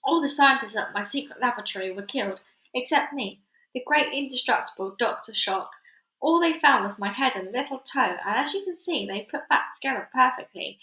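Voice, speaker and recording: A cold, sneering old mad scientist, a head in a jar, with a thick German accent, as a woman reads him out. The voice sits fairly high and bright, with a disdainful, commanding edge. It rings in an echoey room. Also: lively intonation, fairly quick. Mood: boastful.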